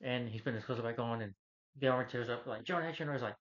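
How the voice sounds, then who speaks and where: Male reviewer, average pitch, rambling casual recap rant, muffled lo-fi sound. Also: steady tone, fast. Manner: rambling, loose retelling full of "he's like". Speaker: movie reviewer. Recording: dull lo-fi recording.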